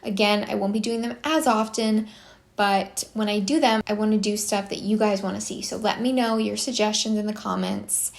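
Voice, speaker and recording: A woman's voice: medium pitch, steady tone, normal speed, creaky. A young woman hosting a casual perfume vlog, chatty and rambling with many restarts, a little out of breath. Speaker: perfume channel host.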